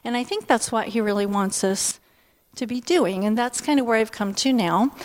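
A woman in her fifties sharing a personal testimony at a church gathering, candid and heartfelt, talking in a loose conversational way with frequent pauses and fillers. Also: on the high side, animated. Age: 50s. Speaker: speaker giving a personal testimony.

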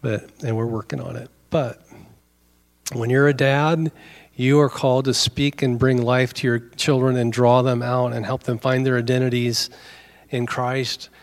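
A man's voice: mid-range voice, level tone, measured pace. A middle-aged male pastor giving a conversational sermon, telling a story and acting out both sides of the dialogue.

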